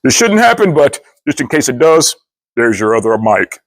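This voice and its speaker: A man doing a slow, patient sound guy. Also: mid-range voice, big pitch swings, no echo, voice pushed down, lightly acted. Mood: instructive. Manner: slow, explaining step by step. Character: calm adult male sound technician giving instructions.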